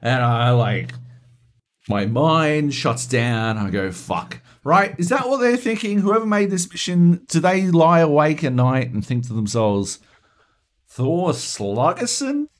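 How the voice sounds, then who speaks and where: A man's voice: on the high side, lively intonation, a little slow. A man co-hosting a gaming podcast, ranting animatedly and swearing constantly in casual chat. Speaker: podcast co-host.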